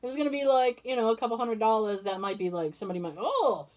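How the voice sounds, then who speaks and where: On her podcast, a woman with a slightly high, darkish voice races through a casual story. She plays both parties in the conversation and swears freely along the way.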